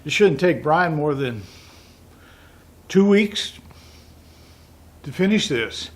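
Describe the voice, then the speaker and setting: Middle-aged Texan vlog host, husky and slightly high, teasing salesman banter. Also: expressive, slow pace. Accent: Texas. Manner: teasing, mock sales pitch. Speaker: woodworking channel host. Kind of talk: joking walkthrough vlog. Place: old run-down warehouse.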